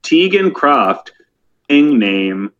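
A man with a mid-pitched voice vents in casual podcast chat, trailing through fillers and casual swears. His recording sounds dull and lo-fi. He comes across frustrated. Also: big pitch swings, extremely slow, fairly bright tone. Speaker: podcast co-host.

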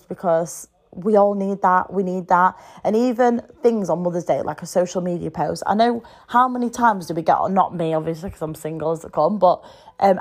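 Her voice is lowish with a darkish tone: a thirty-something British woman hosting a casual solo podcast at home. She talks in a chatty, frank manner and swears freely.

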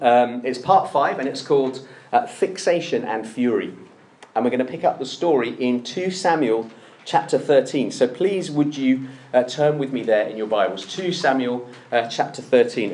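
A man leading a church session, reading a Bible passage aloud with lively, expressive delivery. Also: medium pitch, normal speed. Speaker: pastor.

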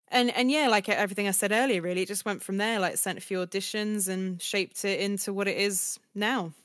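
A woman's voice: mid-range voice, normal speed, a bit bright, no echo, clean studio sound. A woman of twenty-nine, a voice actor, chatting in a giggly way full of fillers. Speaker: voice actor guest. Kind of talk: casual interview chat.

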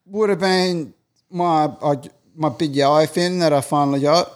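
A man's voice: a little high, steady tone, normal speed, clean tone. A man telling a long story in casual chat, rambling and peppering his talk with fillers. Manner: rambling, heavy use of filler "like".

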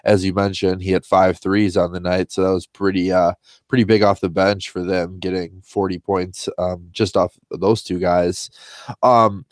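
A man's voice: deep voice, flat delivery, normal speed, no echo, clean studio sound. A man co-hosting a casual sports podcast, sounding nasal from a cold and talking with plenty of ums and uhs. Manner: chatty, with fillers like um and uh. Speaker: podcast co-host.

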